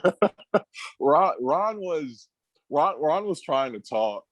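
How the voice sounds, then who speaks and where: A man in his thirties, a podcast guest and former pro basketball player, telling stories in a relaxed, halting way with frequent laughs. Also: on the high side, no room sound. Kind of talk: casual storytelling on a podcast.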